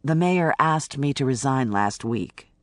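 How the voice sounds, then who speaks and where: A tough, weary woman cop, read by an audiobook narrator, sounds blunt and wry. She speaks slowly, and her pitch swings widely. The recording is close and dry. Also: animated, no echo. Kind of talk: audiobook character voice.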